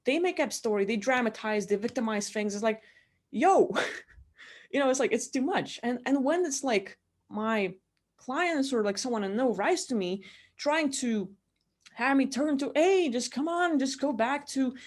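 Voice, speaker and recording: A woman's voice: fairly high pitch, lively intonation, unhurried. A young woman vlogger venting in a casual, rambling way, swearing, laughing mid-sentence and acting out what others say.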